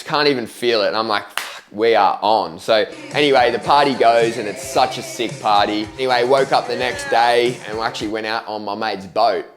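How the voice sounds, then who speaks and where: A young man speaks to camera in a casual storytelling way, his voice sitting a little low. He is candid and slangy, swears freely, and acts out what he said and thought at the time. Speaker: vlogger telling his life story.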